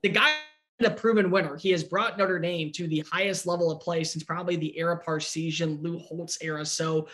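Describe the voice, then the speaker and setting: A man giving an opinionated, animated breakdown in casual sports talk. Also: on the high side, fairly quick. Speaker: sports analyst.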